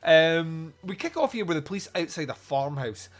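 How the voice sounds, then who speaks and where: Man, Scottish accent, podcast host, jokey rambling chat, slightly high voice. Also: sing-song, normal speed. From Scotland. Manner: jokey, rambling, laughs often.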